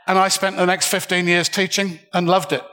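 A man's voice: sits high, level tone, brisk, background noise. An older man telling a comic, self-mocking story live on a festival stage. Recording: reverberant hall.

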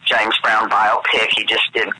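Very bright chatty Southern man. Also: fairly low pitch, completely flat delivery, unhurried, husky, low-quality recording. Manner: chatty, campy storyteller, calls people honey. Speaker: actor guest. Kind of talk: anecdotal interview chat.

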